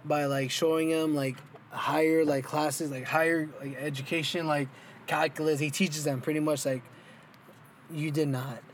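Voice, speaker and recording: A man's voice: fairly high pitch, level tone, moderate pace, slight background noise. Rambling young man, casual podcast chat. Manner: rambling, lots of "like" fillers, joking. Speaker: podcast co-host. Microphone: headphones and mic.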